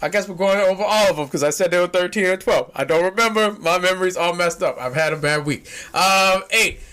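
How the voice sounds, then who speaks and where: A man hosting a casual podcast, his voice pitched high and bright with a forceful edge. He rambles through jokes in loose, slangy talk and can jump into loud, shouting bursts. The feel is off-the-cuff chat among friends. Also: a little fast, clean tone. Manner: uses informal slang. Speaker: podcast host.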